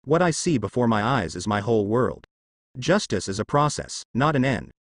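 A man's voice: medium pitch, sing-song, normal speed, no echo, studio quality. A man voicing a righteous young male navy rear admiral who speaks in firm, reproachful speeches.

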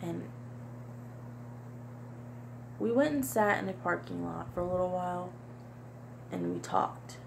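A young woman vlogger talking to camera in a halting, repetitive, soft-spoken confessional monologue. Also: on the low side, creaky, background noise. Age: young adult.

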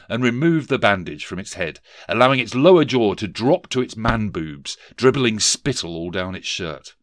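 A man's voice: deep voice, expressive, normal speed, few pauses, dry recording, clean studio sound. A man narrating a comic story in a wry, mock-solemn storybook tone.

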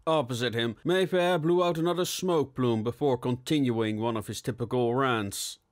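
A man narrating a steampunk novel in a measured storytelling manner. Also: medium pitch. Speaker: audiobook narrator. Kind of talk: scripted narration.

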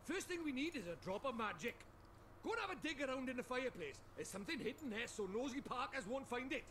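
A man's voice: very high-pitched, big pitch swings, fast talker, sharp tone, slight background noise, full character voice. A man voicing a small, cheeky male fairy creature in a video game, bossy and full of folksy sayings.

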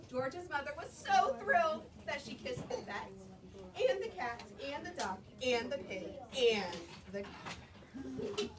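Animated woman reading to children. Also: sits high, slow pace. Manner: animated, sing-song, asks children questions. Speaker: children's librarian. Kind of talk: storytime read-aloud. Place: library story room. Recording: distant mic, noisy room. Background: children answering.

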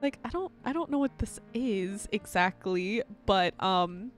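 With soft music behind her, a young woman runs casual let's-play commentary on a life-sim game for her gaming channel. Her medium-pitched voice has lively intonation and a measured pace, and she often gushes and giggles.

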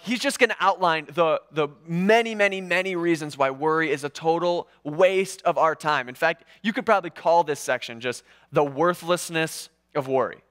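Chatty man preaching with a bright voice. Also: fairly high pitch, clean tone. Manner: conversational, animated, sarcastic asides. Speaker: pastor. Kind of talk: sermon. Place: church.

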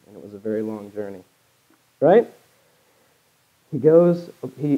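A man's voice: medium pitch, dark tone, lo-fi sound. A man preaching a sermon in a conversational way, asking questions and acting out the voices of the story. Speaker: pastor.

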